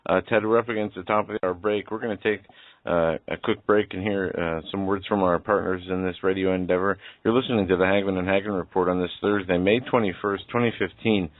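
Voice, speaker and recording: A male radio co-host announcing a break in a measured way. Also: low voice, steady tone, dry recording. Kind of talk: talk radio host segment. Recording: tinny phone-like sound with faint music.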